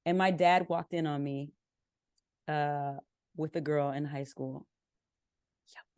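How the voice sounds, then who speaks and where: This young woman from Southern California has a low-sitting, clear, resonant voice and takes her time, recorded in studio quality with no echo. Guesting on a podcast, she tells candid, animated stories in casual interview talk, performing her family members' lines.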